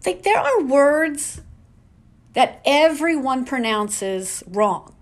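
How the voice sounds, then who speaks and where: Slow, lively-voiced woman podcaster. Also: high voice. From New England. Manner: exasperated, rhetorical questions. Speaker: podcast host. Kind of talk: casual solo podcast rant. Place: home.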